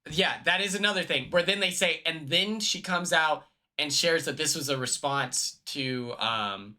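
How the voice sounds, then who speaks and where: A man's voice: a little high, unhurried, bright, forceful tone. A man streamer reacting to a clip in casual chat, hesitant and repeating words as he thinks aloud.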